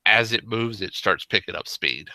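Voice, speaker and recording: A man narrating a tabletop game as game master, unhurried and full of fillers. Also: fairly low pitch, expressive, sharp tone, dry recording, rough recording.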